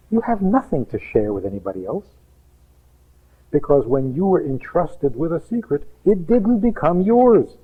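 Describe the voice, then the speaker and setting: A husky-voiced male rabbi teaches with emphatic rhetorical questions, slipping into voices as he quotes people. His voice sounds narrow and tinny, as if carried over a phone line. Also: fairly high pitch. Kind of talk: teaching talk on relationships.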